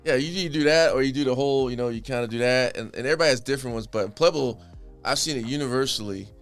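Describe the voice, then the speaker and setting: Relaxed man in his forties. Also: mid-range voice, racing, smooth, faint music behind. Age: 40s. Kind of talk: casual chat.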